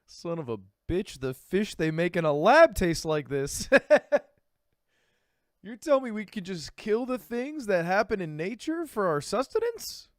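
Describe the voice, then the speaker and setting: A man's voice: high voice, very animated, a little slow, no echo, clean studio sound. Joking, profane male streamer. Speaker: streamer reacting to a video. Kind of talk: casual reaction commentary.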